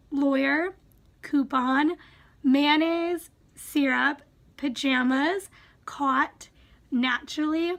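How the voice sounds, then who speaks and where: A young woman with a Wisconsin accent reads quiz questions and word lists in a casual, chatty way. Her voice sits high, and she often stops to wonder aloud whether she says a word right. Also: creaky, fairly bright tone. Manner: reads a word list, musing aloud and second-guessing her pronunciations. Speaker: vlogger. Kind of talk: casual accent tag reading.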